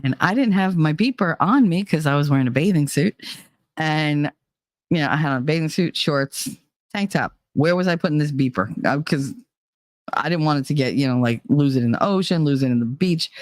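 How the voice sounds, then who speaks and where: Brief: middle-aged woman host, lower voice, animated storyteller, dry close sound. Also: a little fast, dry recording. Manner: animated, swears, mimics others' voices. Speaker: channel host. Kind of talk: casual storytelling chat.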